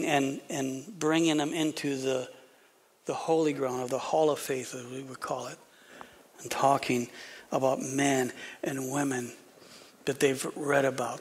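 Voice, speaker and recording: A pastor preaching an animated sermon, often repeating words and dropping to a whisper for emphasis. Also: male voice, medium pitch, husky. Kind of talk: expository sermon.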